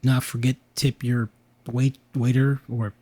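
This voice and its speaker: A man's voice: mid-range voice, little pitch movement, a little slow, dark tone. Sleepy laid-back male podcast host. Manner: laid-back, slangy, swears casually. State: sleepy with a sore throat. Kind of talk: casual late-night podcast chat.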